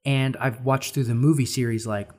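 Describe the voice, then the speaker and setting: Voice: medium pitch, fairly even intonation, normal speed. A podcast co-host in casual chat, rambling and searching for words as they talk.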